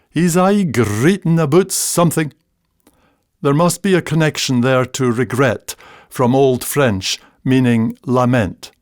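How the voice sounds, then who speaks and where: A man, giving a scripted narration in a measured, gently humorous storytelling manner. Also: medium pitch, no echo, studio quality.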